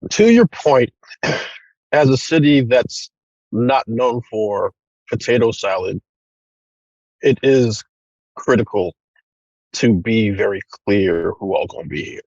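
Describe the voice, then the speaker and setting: A man co-hosting a podcast, adding measured commentary with a dry sense of humor. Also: on the low side, expressive, darkish tone, no room sound. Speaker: podcast co-host, branding professional. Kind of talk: casual conversational commentary. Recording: dull, dry lo-fi sound.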